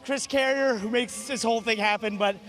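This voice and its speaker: A man, the race winner, out of breath and shouting with elation in a trackside interview. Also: extremely high pitch, steady tone, a little fast. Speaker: winning driver. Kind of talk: post-race victory lane interview.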